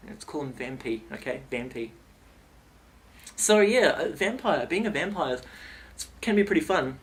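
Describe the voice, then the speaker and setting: A man's voice: a little high, unhurried. A young man telling a silly comic story in a vlog, rambling and playful. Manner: rambling, playful, animated retelling. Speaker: vlogger.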